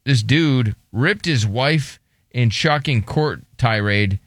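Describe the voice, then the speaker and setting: A man's voice: medium pitch, slow pace, no echo. Dry, matter-of-fact male radio co-host. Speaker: radio show co-host reading news headlines. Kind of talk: casual radio banter.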